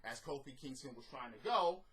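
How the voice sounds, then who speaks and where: A man's voice: medium pitch, animated, normal speed, fairly bright tone, poor audio. A man giving an exasperated, profanity-heavy recap and review of a wrestling show, ranting as he goes.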